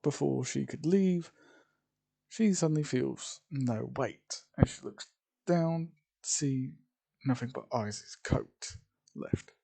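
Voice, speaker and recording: A man's voice: medium pitch, slow, gravelly, mellow, breathy edge. A man narrating an improvised fan story, rambling with frequent fillers and restarts. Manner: rambling, full of "sort of" and "well".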